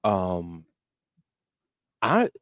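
A man's voice: low-pitched, wildly swooping pitch, extremely slow, fairly bright tone, no echo. A man in casual conversation about a film, speaking thoughtfully and hesitantly, often restarting his sentences.

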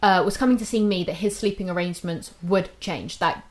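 A woman's voice: on the low side, fairly quick. A young woman, casually telling a story on a podcast, swearing often and acting out what people said. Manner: animated, swears often, acts out quotes.

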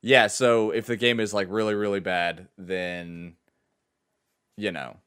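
A man's voice: fairly low pitch, level tone, unhurried, fairly bright tone, clear, resonant tone. A man co-hosting a gaming podcast, chatting casually and rambling through restarts. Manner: rambling, frequent restarts and fillers. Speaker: podcast co-host and streamer. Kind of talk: casual chat.

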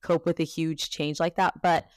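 A young woman co-host with a slightly low voice, chatting in a relaxed way full of fillers and restarts. She sounds dry and close, with no room around her. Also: normal speed, dry recording. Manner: relaxed, filler-heavy, self-correcting. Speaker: podcast co-host. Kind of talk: casual chat.

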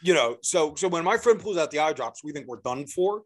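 A young man in his twenties tells a story to a friend on a podcast, his voice sitting a little high. He rambles, restarts and piles on fillers, animated and casual throughout. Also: fairly quick. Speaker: podcast co-host.

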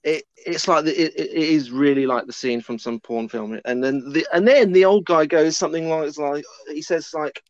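A man's voice: a little high, moderate pace, few pauses, no room sound, muffled recording. A man in a casual film review chat, hesitant and giggly, often stumbling over his starts.

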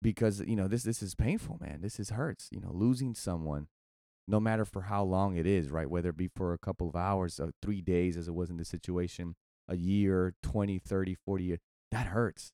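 A man co-hosting a casual faith discussion, who talks in an animated, casual way with plenty of "dude" and "man". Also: deep voice, brisk, no room sound, clean studio sound. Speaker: podcast co-host.

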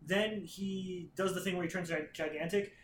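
Rambling, profane man, higher voice. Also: steady tone, moderate pace, slight background noise. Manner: rambling, profane, acts out characters' lines. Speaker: podcast co-host. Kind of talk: casual chat, recapping a comic plot. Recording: roomy echo.

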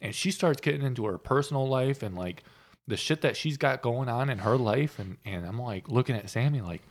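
Male podcast co-host, casual and profane, animated pitch, rambling storyteller, recorded in a home loft. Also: a little fast. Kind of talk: casual chat.

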